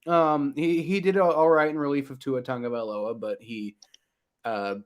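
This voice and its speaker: A man co-hosting a podcast, talking football in a halting way, stammering and trailing off quietly. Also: mid-range voice, steady tone. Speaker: podcast co-host. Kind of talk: casual sports chat.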